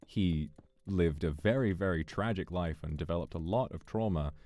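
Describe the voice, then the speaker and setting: A man streaming and chatting casually, musing in a relaxed way and thanking viewers for donations. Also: low voice, moderate pace. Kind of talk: casual livestream chat.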